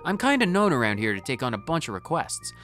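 A chatty young village woman speaks in a plain, bright voice, read out by a man in his own tone. Faint game music plays behind. The reading is light and friendly, with no put-on voice. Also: mid-range voice, huge pitch swings, fast talker. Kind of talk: reading game dialogue aloud.

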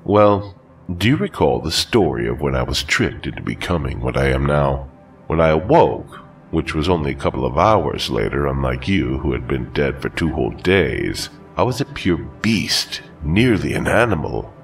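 A man plays an ancient demon-bound master, calm and formal, speaking in a very deep, gravelly voice with lively swings of pitch. He sounds measured and in control, in a dark horror audio story. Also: far from the mic, faint music behind, heavily acted.

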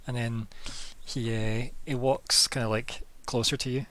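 A man narrates a tabletop role-playing session as game master in a loose, conversational way. He scatters fillers through his sentences and speaks in an ordinary middle pitch. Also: little pitch movement, a little slow, a bit bright.

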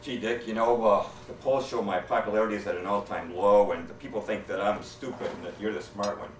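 A mopey, slow-witted president played by a man telling a joke whines in a plaintive drawl. The voice echoes in a big room, and the mic sits at a distance. Faint room noise hangs underneath. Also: on the low side, fairly even intonation, pitched below the performer's own voice, close to an everyday voice. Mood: morose. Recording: roomy hall, mic at a distance.

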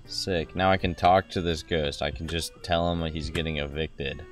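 A man's voice: a bass voice, fairly even intonation, moderate pace, faint music behind. A young man hosting a gameplay video, rambling and joking as he plays and acts out snippets of dialogue. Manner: jokey, rambling, with mock-dialogue asides. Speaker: gaming video host.

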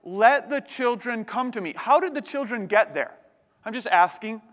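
High-voiced impassioned preacher in a hall. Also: male voice, expressive, normal speed, fairly bright tone. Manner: impassioned, repeats words as he builds. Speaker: pastor. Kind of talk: sermon.

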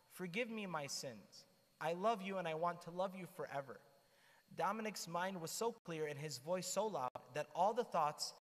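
Man, high voice, lively church storyteller, long reverb of a hall. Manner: warm, animated storytelling with asides. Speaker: church speaker. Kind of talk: storytelling talk to a youth group.

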